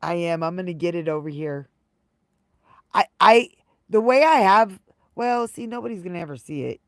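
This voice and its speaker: A woman's voice: on the low side, animated, moderate pace, a bit bright, no room sound, studio quality. A woman live streamer telling casual stories to her viewers, rambling and repeating her phrases. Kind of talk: casual livestream storytelling.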